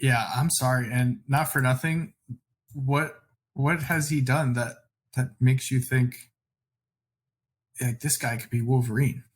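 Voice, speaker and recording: A man co-hosting a casual podcast chat, giving blunt opinions and quick apologetic asides. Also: mid-range voice, steady tone. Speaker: podcast co-host.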